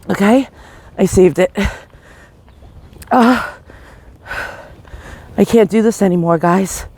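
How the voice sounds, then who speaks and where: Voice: medium pitch, a little mellow. A vlogger, panicky and short of breath, coughing and pleading in a shaky confessional vlog recorded on a phone while walking down a residential street outdoors.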